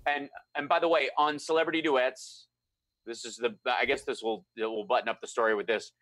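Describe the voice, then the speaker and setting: Bright-voiced man telling a story. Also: medium pitch, a little fast, no room sound. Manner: animated, acts out quoted voices. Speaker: guest storyteller. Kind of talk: casual storytelling chat.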